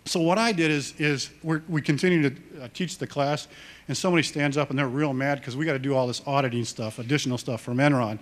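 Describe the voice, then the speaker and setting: A man's voice: mid-range voice, fairly even intonation, quick pace. A man presenting a seminar on church finances in a conversational lecture style, often restarting phrases and checking in with the audience. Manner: chatty, frequent restarts and check-ins with the audience.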